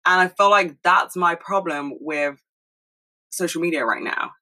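A young woman talking fast and rambling in a casual monologue at home, swearing freely. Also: lowish voice, bright, forceful tone, poor audio. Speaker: solo podcast host.

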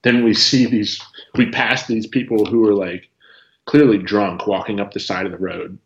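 A man spins a casual story in an easy, rambling way, full of "like" and little laughs. His voice sits low. The recording is roomy and a bit dull. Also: fairly even intonation, normal speed. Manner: chatty, says "like" often, laughs while telling. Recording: roomy, slightly dull sound.

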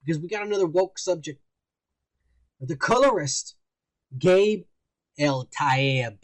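A man's voice: a little high, animated, takes it slowly. A young man co-hosting a casual podcast, profane and mocking as he reads out news stories. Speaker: podcast co-host. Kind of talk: casual drunk banter.

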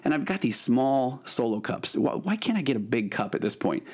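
A therapist in his late forties hosts his podcast alone and tells a personal story in a loose, animated way. He restarts phrases often and fills the gaps with "uh" and "um". His voice sits at an ordinary middle pitch for a man. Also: a little fast, breathy edge. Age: 40s. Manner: animated, rambling with frequent restarts and fillers. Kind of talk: casual storytelling monologue.

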